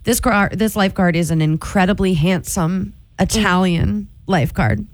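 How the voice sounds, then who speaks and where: A woman's voice: on the low side, normal speed, no echo, studio quality. A woman in her forties, a radio morning show host telling a story in a playful way and laughing often. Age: 40s. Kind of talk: casual storytelling chat.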